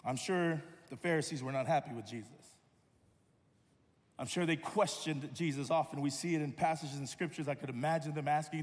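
A man with a high-pitched voice preaches a sermon, his delivery swinging between loud, pressing emphasis and hushed, low stretches. His words ring out with a long reverb through a large church sanctuary. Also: fairly quick.

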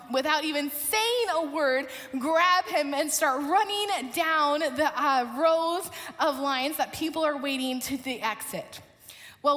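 A woman preaching a sermon, telling a personal story in a lively way and acting out the people in it. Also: sits high, big-room sound. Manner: animated storytelling, acts out quoted voices.

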